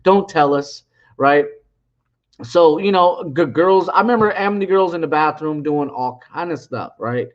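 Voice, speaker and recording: A man's voice: a little high, moderate pace. Rambling, mocking man in his forties. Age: 40s. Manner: rambling, retells an argument with quoted lines; trash-talking, mocking. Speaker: channel host. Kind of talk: casual storytelling monologue. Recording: dull lo-fi audio.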